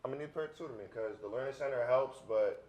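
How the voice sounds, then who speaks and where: A young man co-hosting a show in casual chat, joking excitably and tripping over his words. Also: medium pitch, racing, dull audio. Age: young adult. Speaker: co-host.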